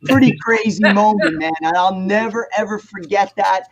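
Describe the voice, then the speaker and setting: A man, telling animated, profane stories as a guest on a video call. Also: high voice, moderate pace, crowd noise, low-quality recording. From New Jersey. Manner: animated, profane storyteller, acts out quotes. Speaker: guest musician. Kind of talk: casual storytelling on a video call panel.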